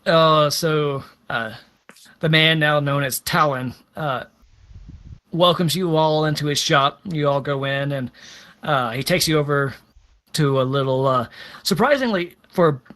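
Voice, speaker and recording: A man running a tabletop game as dungeon master, speaking with a bright, forward tone. His narration halts often on fillers and restarts as he works out the scene. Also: fairly high pitch, a little slow. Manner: hesitant, many fillers and restarts.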